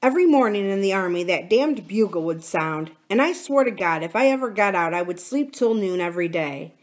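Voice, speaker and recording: A wistful, unsettled young farmer who talks in a quiet, musing way, as a woman reads him aloud. He sounds dissatisfied and searching rather than angry. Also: medium pitch, animated, brisk, natural voice. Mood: restless.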